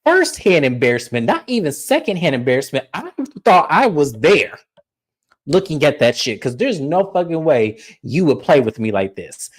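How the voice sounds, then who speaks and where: A woman co-hosting a casual reality TV recap, blunt and profane as she retells scenes with mimicry. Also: sits low. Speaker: podcast co-host. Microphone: streaming setup mic.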